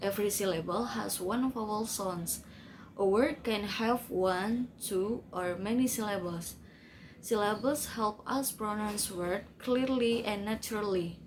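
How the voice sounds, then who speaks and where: A woman reading a class presentation slowly and carefully, with small grammar slips. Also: mid-range voice, slight background noise, rough recording. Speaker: student presenter.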